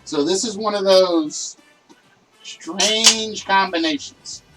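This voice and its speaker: A man hosting a livestreamed list game show, talking loudly and excitably and chatting with his viewers. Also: high-pitched, takes it slowly, distant mic, music in the background, rough recording.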